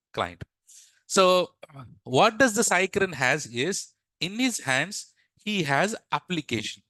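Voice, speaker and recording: Bright-voiced man teaching. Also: mid-range voice, no echo, rough recording. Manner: repeats questions to the class, asks "yes or no". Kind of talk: classroom lesson told as a story.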